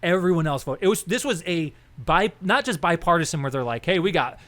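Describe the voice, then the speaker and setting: A man's voice: on the high side, fairly quick. Rambling young man telling podcast stories. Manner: rambling, animated storytelling with quoted dialogue. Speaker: podcast co-host. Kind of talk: casual political chat.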